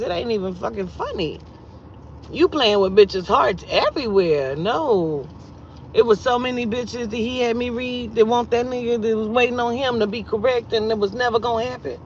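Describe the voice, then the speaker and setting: A blunt, foul-mouthed woman tells a story straight to her viewers, jumping from loud outbursts to low, muttered asides. Her voice sits at an ordinary middle pitch. The sound is dull and lo-fi, with a faint hum of a vehicle behind her. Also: moderate pace. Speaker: vlogger and spiritual reader.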